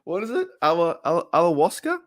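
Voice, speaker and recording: A man's voice: mid-range voice, animated, normal speed, a bit bright. An Australian man in his thirties hosting a fan livestream, chatting casually with viewers in a rambling, laid-back way and repeating himself often. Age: 30s.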